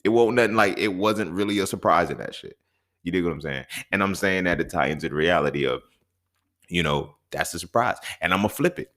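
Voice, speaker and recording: A young man telling a casual, profane story as a podcast host, often asking "you feel me?" and swinging between low mutters and sudden high exclaims. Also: animated, a little fast, fairly bright tone.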